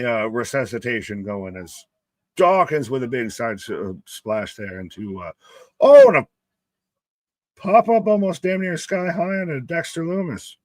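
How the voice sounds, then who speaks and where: A man's voice: mid-range voice, fairly bright tone, dry recording. A man hosting a casual live stream, calling the match play by play and reading chat comments aloud, loose and profane and often laughing.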